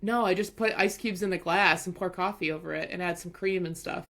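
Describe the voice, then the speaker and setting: A woman's voice: lowish voice, brisk, fairly bright tone. A woman co-hosting a chatty podcast, rambling through stories with lots of fillers and frequent giggles. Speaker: podcast co-host. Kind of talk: casual chat.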